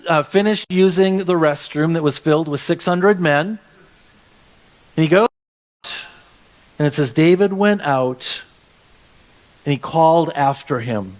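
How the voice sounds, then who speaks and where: A man pastor preaching a sermon in a conversational way, often restarting phrases and stretching words for emphasis. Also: on the high side.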